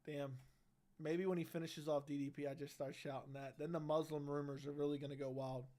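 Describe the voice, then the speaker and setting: A man's voice: fairly high pitch, little pitch movement, brisk, mellow. A brash young man hosting a casual livestream, reading chat and bantering loosely with slang and swearing into a studio mic. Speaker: livestream host. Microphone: studio dynamic mic.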